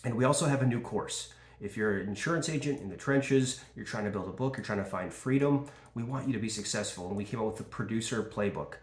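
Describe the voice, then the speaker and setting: A man's voice: on the low side, fast. A man coaching insurance sales, talking casually and acting out lines from calls. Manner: casual, animated, acts out call dialogue. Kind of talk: sales training talk. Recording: echoey room.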